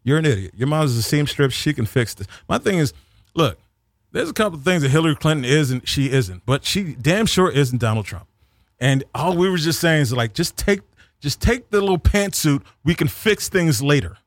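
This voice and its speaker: Mężczyzna w kpiącej, chaotycznej tyradzie. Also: male voice, a little high, expressive, normal speed, dry recording, studio quality. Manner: rambling, full of fillers and restarts, mocking; slips into mocking voices for people he quotes. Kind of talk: comedic political rant.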